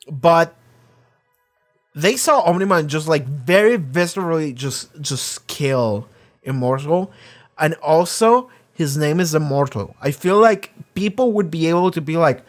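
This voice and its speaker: A young man casually recapping a show's episode, excitable, profane and rambling. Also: fairly high pitch, unhurried, soft background music. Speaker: show reviewer.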